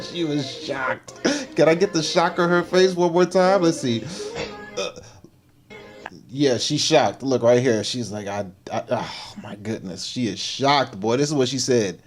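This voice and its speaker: A man hosting a livestream, giving teasing, animated reaction commentary on videos and repeating slang tags. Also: fairly high pitch, slow pace, soft background music. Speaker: livestream host.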